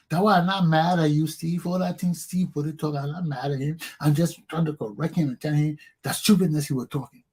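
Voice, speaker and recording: Liberian talk show host, fiery preachy delivery, husky, slightly high voice. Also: male voice. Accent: Liberian English. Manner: preachy and fiery, swings from low intensity to shouting. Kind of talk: impassioned monologue.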